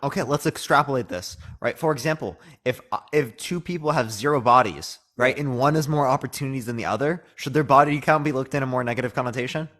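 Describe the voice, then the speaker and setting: A man's voice: mid-range voice, fast talker, few pauses, fairly bright tone. A man in a casual debate, probing and pressing his argument.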